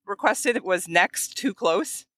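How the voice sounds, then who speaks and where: A woman's voice: mid-range voice, slow pace, no echo. A woman guest telling a story in casual chat, acting out the quotes, while she drives a car. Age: adult. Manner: animated, acts out quotes. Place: in a moving car.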